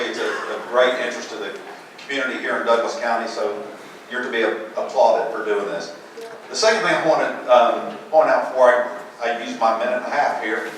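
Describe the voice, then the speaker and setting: A man addressing a forum audience as a politician, in a quick, joking, conversational way. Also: mid-range voice, fairly bright tone, slight background noise. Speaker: state senator speaking at a forum. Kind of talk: campaign speech. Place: large echoey hall. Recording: echoey hall from far off.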